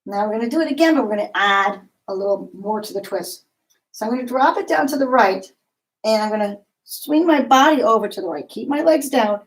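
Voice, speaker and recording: A woman leading a yoga class, giving calm, encouraging step-by-step cues. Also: on the high side, rough recording. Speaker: yoga instructor. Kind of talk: guided yoga class instruction.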